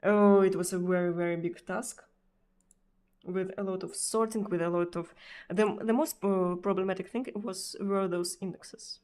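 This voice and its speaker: A woman from Russia with a Russian accent, chatting casually on a live stream. She speaks haltingly, with many pauses and restarts, and laughs often. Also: medium pitch, steady tone, a little mellow. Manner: laughs often between sentences.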